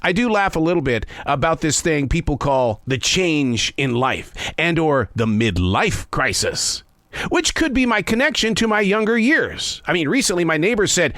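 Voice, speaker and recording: A man in his sixties hosts a scripted commentary monologue, playful and expressive. His voice sits a little high for a man and swings widely in pitch. The sound is dry and close, with no room echo. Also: unhurried. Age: 60s. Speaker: host. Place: South of the United States.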